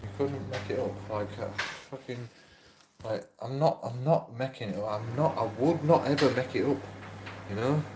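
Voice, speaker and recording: A man's voice: medium pitch, moderate pace, echoey room, background noise. A man, drunk and angry, ranting rambling and swearing to camera in a vlog from a shared house. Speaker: YouTube channel host.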